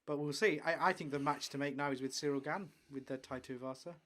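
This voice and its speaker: A man co-hosting a podcast, chatting enthusiastically about sport and trailing off quietly at the ends of lines. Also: a little high, quick pace. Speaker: podcast co-host. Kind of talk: casual sports chat.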